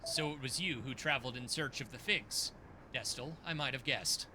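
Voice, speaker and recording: Man doing a deep, stern angelic mentor. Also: background noise, natural voice. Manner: slow, commanding, formal.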